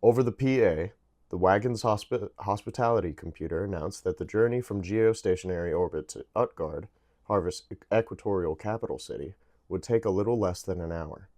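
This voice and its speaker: A man's voice: sits low, fairly quick, warm tone. A man casually reading a science fiction novel aloud, stumbling now and then and correcting himself as he goes. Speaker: book reader.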